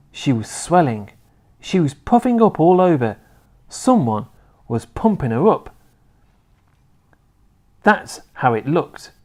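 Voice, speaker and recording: A man reading a children's book aloud in an expressive storytelling manner. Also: mid-range voice.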